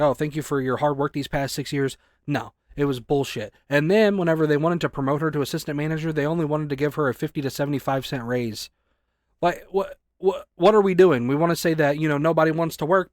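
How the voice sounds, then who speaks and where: A man in his twenties, a store clerk, ranting angrily and swearing a lot, often rising close to a shout. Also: a little high, no room sound. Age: 20s. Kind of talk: angry rant to camera.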